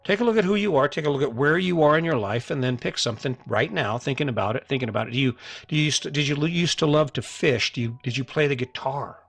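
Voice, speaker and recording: This podcast host, a middle-aged man, delivers a motivational solo monologue in an earnest, casual way, often repeating himself and restarting his sentences. He speaks quickly in a mid-range, creaky, fairly bright voice, with faint music behind.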